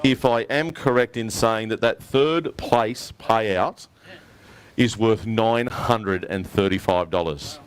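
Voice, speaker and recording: A man's voice: lowish voice, slow. An Australian man emceeing a live prize presentation at an outdoor weigh-in, upbeat and matey as he calls up each winner. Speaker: tournament emcee.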